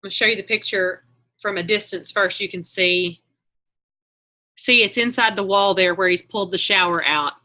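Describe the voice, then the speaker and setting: A woman with a mid-range voice and a sharp tone leads an online group on a video call, speaking at normal speed. Her casual chat meanders, and she often corrects herself mid-sentence.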